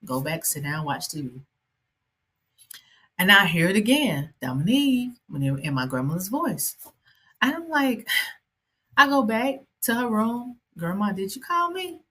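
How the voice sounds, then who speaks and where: A woman's voice: medium pitch, sing-song, unhurried, pauses often, sharp tone, husky. A woman who hosts a podcast and is an ordained minister, telling a personal story in a conversational way, with many fillers and asides.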